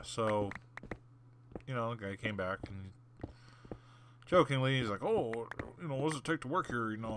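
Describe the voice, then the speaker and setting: A man with a lowish voice talks casually over gameplay as a gaming channel host, rambling through a story with plenty of fillers and restarts. He sometimes drops into muttered whispered asides. A clear background hiss runs under the recording.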